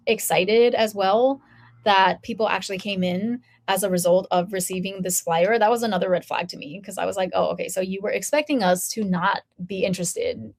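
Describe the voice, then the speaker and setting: A woman's voice: mid-range voice, steady tone, a little fast, darkish tone. A woman in her thirties telling a story to her viewers in a chatty, casual way, full of "like" and acted-out quotes. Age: 30s. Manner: chatty, lots of "like", acts out quoted voices. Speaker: vlogger.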